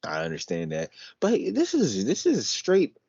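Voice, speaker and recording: A man's voice: mid-range voice, normal speed, slightly rough, dry recording, dull audio. A man co-hosting a casual podcast, arguing his point with energy and sometimes reading lines aloud. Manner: animated, argumentative, reads lyrics aloud. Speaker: podcast co-host.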